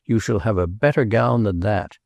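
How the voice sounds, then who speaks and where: A man voicing a brash, cheerful self-made gentleman who talks heartily. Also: lowish voice, moderate pace, creaky, dry recording. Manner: hearty, jovial.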